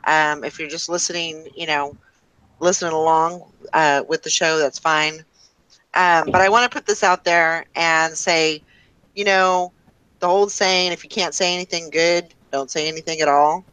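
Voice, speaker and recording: A woman hosting a live online show, talking slowly and earnestly to her audience with many fillers. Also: deep voice, steady tone, fairly bright tone, smooth, no echo, poor audio. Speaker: host. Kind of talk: casual live show chat.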